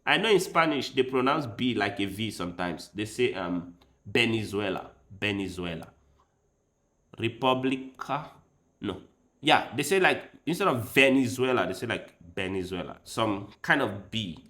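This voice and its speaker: A man's voice: mid-range voice, expressive, normal speed, sharp tone. A man streaming chess live, chatting casually with his audience and thinking aloud as he tries out foreign words.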